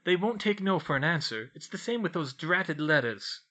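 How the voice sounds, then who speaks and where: A man's voice: a little high, lively intonation, normal speed, bright, forceful tone, pitched above the performer's own voice. A man reading a story voices a spiteful, nervous middle-aged aunt who speaks urgently.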